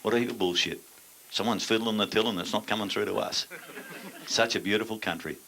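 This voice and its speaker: A man's voice: lowish voice, steady tone, a little fast, fairly bright tone, slight background noise, low-quality recording. An older man with an Australian accent doing crude stand-up banter, blunt and swearing, jabbing "mate" into his lines. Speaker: stand-up performer on stage.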